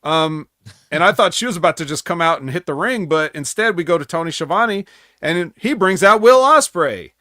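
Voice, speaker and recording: A man's voice: on the high side, lively intonation, normal speed, bright, forceful tone, no room sound, clean studio sound. A man co-hosting a casual wrestling recap podcast, rambling with sarcastic asides. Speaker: podcast co-host.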